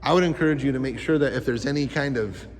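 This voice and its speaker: A man's voice: medium pitch, fast, a little hiss or hum. A man teaching a life skills class to youths, talking with energy and quizzing the kids with questions. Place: school gym. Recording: echoey gym hall.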